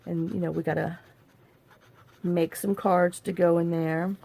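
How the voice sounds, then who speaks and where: A woman's voice: fairly low pitch, level tone, unhurried, vocal fry, dark tone. A middle-aged woman hosting a crafting video, rambling and chatting to herself as she works. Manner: rambling, talks to herself while working. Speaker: crafting channel host. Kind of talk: casual crafting tutorial chat.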